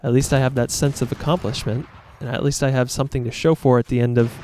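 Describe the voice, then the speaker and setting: Man, YouTuber, casual reflective talk, earnest, rambling, self-critical, mid-pitched voice. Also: flat delivery, quick pace, darkish tone, a little hiss or hum.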